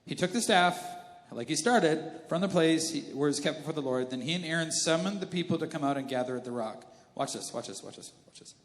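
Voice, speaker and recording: A male pastor preaching a sermon in a casual, animated, conversational way. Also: a little high, a little fast, hardly any pauses. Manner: conversational and animated, slips into character voices. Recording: reverberant church hall with faint music.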